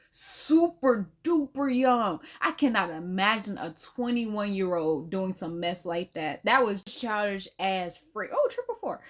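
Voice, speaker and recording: A woman hosts a reaction video and gives her casual take on a clip. She sounds blunt and amused, and she is quick to judge. Her voice sits in a middle pitch. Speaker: reaction host.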